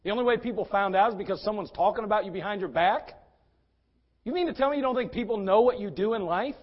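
Fiery high-voiced male preacher. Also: fast talker, muffled recording. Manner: fiery, swings from quiet to shouting. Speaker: pastor. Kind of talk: sermon.

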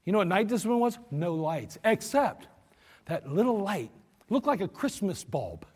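Animated preacher in an echoing hall. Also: male voice, high voice, normal speed, husky. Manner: animated storyteller, acts out voices. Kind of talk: sermon with storytelling. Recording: long hall reverb.

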